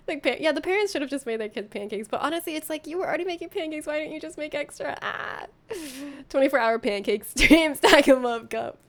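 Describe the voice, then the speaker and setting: A woman's voice: high voice, a little fast. A young woman streamer chatting casually and reacting to posts and chat, giggling often. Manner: chatty, giggles often, jumps into silly voices.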